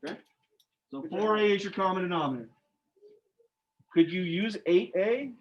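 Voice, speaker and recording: A man's voice: sits high, lively intonation, normal speed. A man teaching algebra to a class, informal and joking, quizzing his students as he works through problems. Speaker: math teacher. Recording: dull lo-fi classroom recording.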